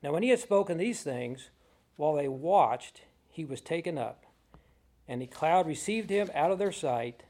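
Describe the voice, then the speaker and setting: A man reading Bible passages aloud in a measured, solemn way, pausing between phrases. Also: a little high, lively intonation, darkish tone. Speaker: scripture reader.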